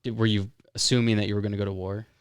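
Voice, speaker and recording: Low-voiced male podcast host. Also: flat delivery, racing, smooth, no echo, clean studio sound. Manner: brief encouraging responses. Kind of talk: interview questions and ad read.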